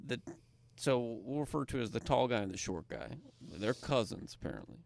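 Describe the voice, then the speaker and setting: A man's voice: medium pitch, moderate pace, gravelly. A man from Kentucky, co-hosting a podcast, telling a story in casual talk and acting out the voices of the people in it. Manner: animated, acts out dialogue, grows loud when excited. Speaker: podcast co-host.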